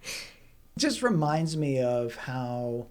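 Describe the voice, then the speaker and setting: A man guesting on a relaxed interview, recounting a story in a lively, self-deprecating way. He laughs easily and keeps the telling loose and conversational. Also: mid-range voice, extremely slow. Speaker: guest filmmaker and actor.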